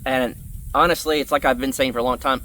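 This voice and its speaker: A man's voice: mid-range voice, steady tone, quick pace, bright, forceful tone, a little hiss or hum. A young man telling a story in an earnest, rambling way, with many fillers, on his vlog. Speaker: vlogger.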